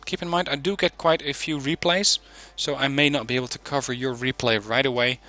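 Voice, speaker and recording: A man hosting a gaming channel, giving relaxed, chatty commentary on a game replay with frequent ums. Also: mid-range voice, brisk.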